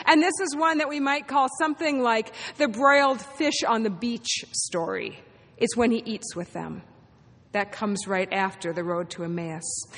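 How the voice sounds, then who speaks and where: A woman's voice: a little high, a bit bright. A woman pastor preaching a sermon to her congregation, in an encouraging, playful manner. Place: church sanctuary. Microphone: amplified sanctuary mic. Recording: long hall reverb in a sanctuary.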